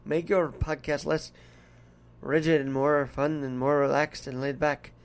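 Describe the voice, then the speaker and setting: A man's voice: fairly high pitch, flat delivery, a little slow. A man hosting his own podcast in a put-on Irish brogue, rambling chattily from one topic to the next. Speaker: podcast host. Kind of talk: casual solo podcast monologue.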